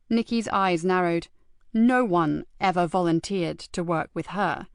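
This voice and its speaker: A woman narrating an audiobook in a measured, even storytelling manner. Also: lowish voice, clear, resonant tone, no echo, clean studio sound. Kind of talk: scripted narration.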